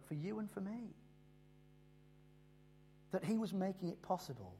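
A man preaching a sermon, slowing down and swelling in loudness on key phrases before dropping low again. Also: a little hiss or hum. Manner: emphatic, rises and drops in loudness and slows on key phrases.

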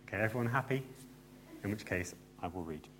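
A man's voice: fairly low pitch, animated, fairly quick, a bit bright, slight background noise. A man preaching a sermon in a church, earnest and emphatic, with light asides to the congregation.

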